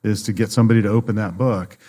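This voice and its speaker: Low-voiced man telling business stories. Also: fairly even intonation, fast, mellow. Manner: storytelling, acts out quoted dialogue. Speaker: book publishing guest. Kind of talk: conversational podcast interview. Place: conference venue.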